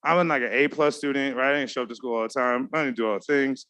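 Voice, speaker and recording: A man's voice: medium pitch, steady tone, fast, fairly bright tone, smooth. A man giving an emotional, earnest award speech from an awards ceremony stage, talking straight to the crowd. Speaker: award presenter.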